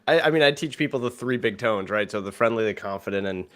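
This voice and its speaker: A man with a fairly low voice explains his method in a friendly, casual way. He chuckles easily between points. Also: animated, fast talker, a bit bright. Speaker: sales trainer guest. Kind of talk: casual chat.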